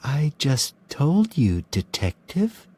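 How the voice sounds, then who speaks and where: Man putting on a soft-spoken creepy killer, slow and mocking, lively pitch. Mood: menacing. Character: calm, creepy male serial killer, soft and smug.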